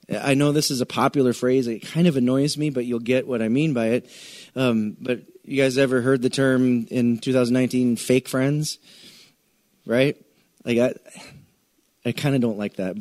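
Man, middle-aged pastor, from the US, conversational sermon, joking asides, drawn-out emphasis, dry close sound. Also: medium pitch, darkish tone, no echo. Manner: chatty, joking asides, restarts sentences, stretches key words.

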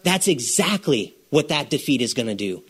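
A man preaching a sermon in a lively, conversational way, asking the congregation questions and repeating phrases for emphasis. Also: medium pitch, normal speed, husky.

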